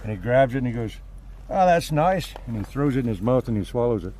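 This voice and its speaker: A man who works as a gold miner, telling a story in a blunt, profane, animated way, recorded outdoors at a mine site. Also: mid-range voice, rapid-fire, slight background noise. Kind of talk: casual storytelling.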